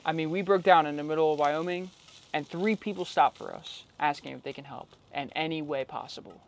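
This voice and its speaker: A man from the US East Coast vlogging casually outdoors, telling his story emphatically with sudden louder bursts. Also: a little high, fairly quick, slight background noise. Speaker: vlogger living in a bus. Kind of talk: casual vlog to camera. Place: outdoors in a city street.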